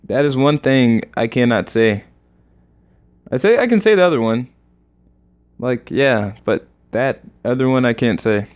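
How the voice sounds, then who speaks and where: A young man casually commenting on a game during a livestream, excitable and rambling as he reacts aloud. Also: medium pitch, unhurried, pauses often. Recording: slightly dull lo-fi recording.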